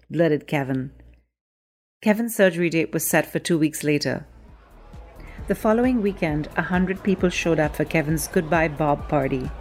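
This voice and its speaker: A woman narrating her own short story in an even, clear storytelling manner. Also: low voice, normal speed. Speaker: story author and reader. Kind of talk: scripted narration.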